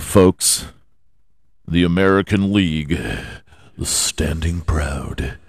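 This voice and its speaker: A man's voice: sits low, animated, a little slow, dry recording, clean studio sound. Crude joking male sports podcaster. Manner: crude, joking, loud outbursts and sing-song bits; laughs at his own jokes. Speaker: podcast host. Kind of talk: profane comedic sports rundown.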